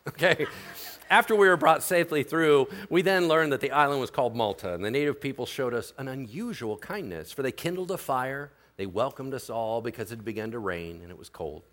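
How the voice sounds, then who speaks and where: A young man preaching a sermon, telling the story in an animated way with voices and laughter. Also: mid-range voice, a little fast. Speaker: pastor.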